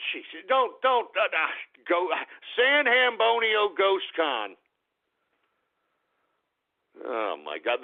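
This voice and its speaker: A man hosting a live internet talk radio show, abrasive and profane, ranting at his listeners. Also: fairly high pitch. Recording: tinny phone-line sound.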